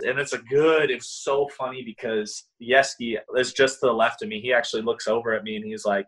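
A young man, a former college baseball player, telling stories in an interview in an animated, excitable way, full of "like" and "you know". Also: medium pitch, brisk, hardly any pauses, breathy edge, rough recording. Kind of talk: casual interview storytelling.

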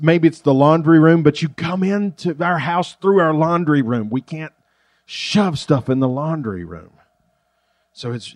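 A man's voice: a little high, a little mellow, no echo. A man preaching a sermon as pastor, in a folksy, joking, conversational way. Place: church.

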